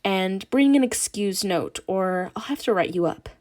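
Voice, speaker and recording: A blunt, excitable teenage girl in a storybook reading, spilling gossip in a brisk, teasing voice, as a woman narrator puts her on. She sounds a little higher and louder than the narration. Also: lightly acted. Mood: gossipy.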